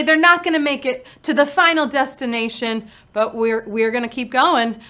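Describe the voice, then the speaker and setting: High-voiced upbeat game show hostess. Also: female voice, bright, forceful tone. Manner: playful, upbeat patter with puns. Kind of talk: live trivia game show hosting.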